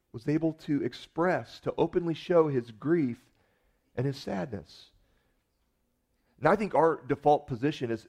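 A male preacher delivers his sermon in a relaxed, conversational storytelling voice that sits a little above average in pitch. He talks earnestly and directly to the listener.

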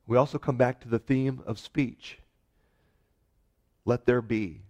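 A man preaching a sermon earnestly, rising to emphatic peaks and dropping to soft, quiet lines. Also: medium pitch, fairly even intonation, measured pace, muffled recording. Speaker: pastor.

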